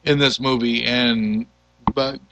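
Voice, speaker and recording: A man hosting a casual movie podcast, retelling a film plot in an animated, loose way with the odd curse. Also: medium pitch, slow pace, low-quality recording. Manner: animated storyteller, loose and profane. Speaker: podcast host.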